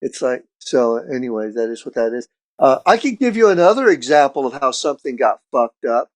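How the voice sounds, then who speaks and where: A middle-aged man, a street artist guest on a podcast, telling stories in a casual, profane, animated way and acting out what people said. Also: medium pitch, a little fast. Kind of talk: casual storytelling chat.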